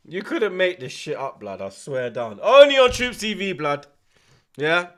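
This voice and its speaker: Loud excitable man streaming football. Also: sits high, measured pace. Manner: loud, excitable, swears, laughs often, slang-heavy. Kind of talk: live watchalong commentary and chat.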